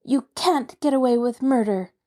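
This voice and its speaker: A woman's voice: medium pitch, sing-song, normal speed, mellow. A brave teenage girl detective speaking with fierce defiance, as a woman reads her. She stands up to her captor in a storybook reading.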